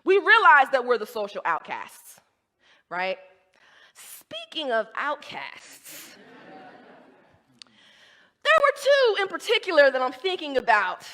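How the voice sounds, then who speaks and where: Brief: high, lively woman, emphatic lecture voice, long hall reverb. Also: takes it slowly, long pauses. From American South. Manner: emphatic, rhetorical, with asides. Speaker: guest lecturer. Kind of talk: academic talk to an audience.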